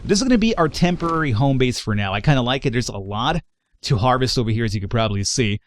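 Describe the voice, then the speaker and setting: A man's voice: medium pitch, fast talker, a little hiss or hum. A man hosting a casual let's play, chatting and joking as he plays. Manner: chatty, jokey, animated. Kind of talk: casual gameplay commentary.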